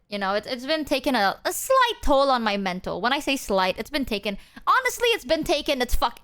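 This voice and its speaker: A young woman streamer talking casually and candidly to her viewers, animated and rambling, her pitch swinging up when she quotes herself.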